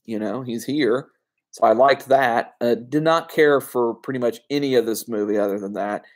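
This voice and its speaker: A man's voice: mid-range voice, normal speed. A man with an ordinary mid-range voice reviews films by himself in a loose, chatty way. He wanders through his opinions with frequent fillers and little asides. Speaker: film reviewer. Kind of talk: casual solo movie review.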